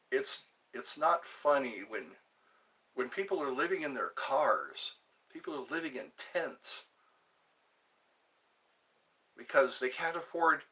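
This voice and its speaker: A man's voice: a little high, bright, forceful tone. A man hosting a live stream, chatting casually and rambling between musings and viewer comments.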